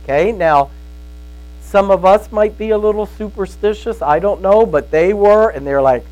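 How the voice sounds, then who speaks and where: A man's voice: high-pitched, moderate pace, darkish tone, low-quality recording. A man giving a conversational sermon as a Bible teacher, telling stories in a folksy way and often checking in with his listeners. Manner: storytelling, folksy, asks "right?" often.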